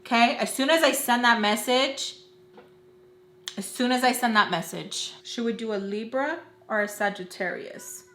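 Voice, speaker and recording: Young woman doing a storytime vlog, chatty with tons of "like", bright voice, slightly high, echoey room. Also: normal speed. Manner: animated, lots of filler "like", quotes others in lively voices. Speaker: storytime vlogger. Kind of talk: casual storytime. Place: indoors at home doing makeup.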